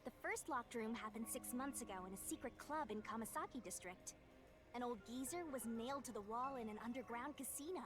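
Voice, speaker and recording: A woman's voice: a little high, a little fast, natural voice. A woman voicing an impish female death spirit in a video game, teasing and playful, in a sing-song manner, with music behind.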